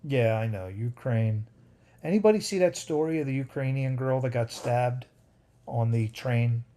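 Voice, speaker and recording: A man hosting a casual livestream at home at night, reading viewer comments aloud and drifting off into tangents with excitable reactions. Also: medium pitch, moderate pace. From United States. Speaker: livestream host. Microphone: phone.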